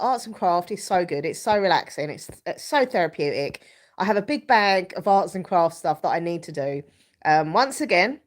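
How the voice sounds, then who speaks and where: A woman, hosting a casual live stream chat, bunged up with a cold and rambling as she reads out viewer comments. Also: mid-range voice. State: stuffy nose from a cold.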